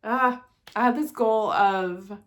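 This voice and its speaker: A woman, likely in her forties, talks to her viewers in a casual vlog, candid and emotional, sometimes laughing at herself. Her voice sits on the high side and she speaks slowly.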